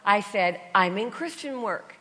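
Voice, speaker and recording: A woman preacher, a little stuffy from a cold, who tells funny stories unhurriedly and slips into other people's voices. Her pitch sits in the middle range. Her voice carries with a long reverb across a large hall. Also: animated, a little slow, sharp tone. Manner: storytelling, puts on voices, laughs between lines. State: has a cold. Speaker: Christian speaker. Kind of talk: sermon with humorous travel stories.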